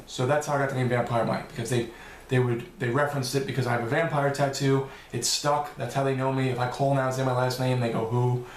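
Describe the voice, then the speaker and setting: A man's voice: mid-range voice, level tone, fast talker, echoey room, a little hiss or hum. A man answering viewer questions in a loose, rambling vlog, swearing now and then. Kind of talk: casual Q&A vlog.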